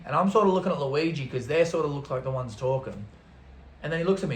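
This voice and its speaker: A young man, a travel vlogger, telling a story casually to camera in an animated way, throwing in sound effects. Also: fairly high pitch, fairly quick. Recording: roomy echo.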